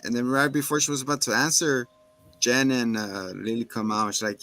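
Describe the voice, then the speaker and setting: A man's voice: medium pitch, steady tone, fairly quick, bright, forceful tone, soft background music. A man co-hosting a casual chat, animatedly retelling a TV episode and acting out the characters' lines. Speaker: podcast co-host recapping a TV episode.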